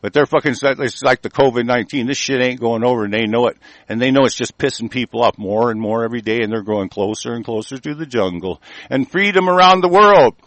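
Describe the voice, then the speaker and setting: Older man, angry profane monologue, halting with lots of fillers; mid-pitched, dry close recording. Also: no echo. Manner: furious, heavily profane, halting with many fillers and restarts. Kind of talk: angry ranting monologue, reading aloud and commenting.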